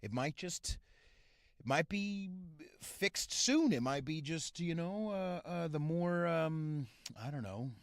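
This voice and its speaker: A man hosting his own show, ranting crudely with a lively, leaping pitch. His voice sits fairly high for a man and sounds dry and close. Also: slow pace, vocal fry, dry recording. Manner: crude, swings from mumbling to shouting. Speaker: podcast host. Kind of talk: profane ranting monologue.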